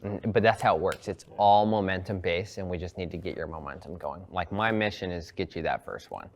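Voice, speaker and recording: A man's voice: low-pitched, fairly quick, noisy background. A man working as a recruiting advisor who talks casually and full of fillers, acting out what other people say. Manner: casual, filler-heavy, quotes people in voices. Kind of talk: reality-series conversation.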